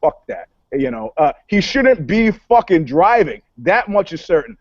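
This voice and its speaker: A brash, higher-pitched man co-hosts a casual talk show, swearing freely and acting out both sides of every exchange. The sound is dry and close, with a slightly dull, muffled top end. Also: unhurried, no echo. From New York. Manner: profane, animated storytelling, acts out dialogue. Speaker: podcast co-host, PR commentator.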